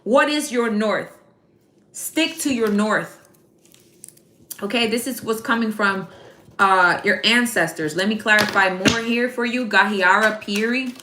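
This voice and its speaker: A woman's voice: mid-range voice, measured pace, sharp tone, a little hiss or hum. A woman giving a casual live tarot reading, chatty and slangy, speaking straight to her viewers by name. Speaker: tarot card reader. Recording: echoey room.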